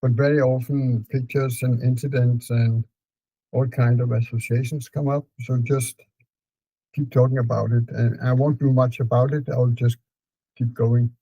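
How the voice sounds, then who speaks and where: A man with a Danish accent calmly guiding a client through a therapy session, repeating prompts slowly. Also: medium pitch, husky, dry recording, poor audio. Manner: calm, repetitive prompting with fillers.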